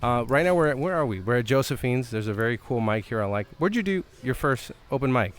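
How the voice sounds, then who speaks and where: A man's voice: mid-range voice, animated, fast talker. A young man hosting a casual podcast from a wine bar, rambling and easily sidetracked into tangents. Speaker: podcast host. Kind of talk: casual chat.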